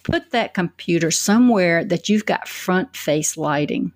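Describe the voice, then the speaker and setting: A woman's voice: on the low side, animated, unhurried, no echo, studio quality. A woman answering interview questions as a public speaking coach, telling stories energetically with quoted asides.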